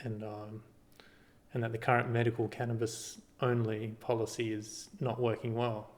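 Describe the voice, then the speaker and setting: A man casually walks through a screen-recorded tutorial, relaxed and halting, with lots of ums and restarts. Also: mid-range voice. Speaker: party volunteer giving a tutorial.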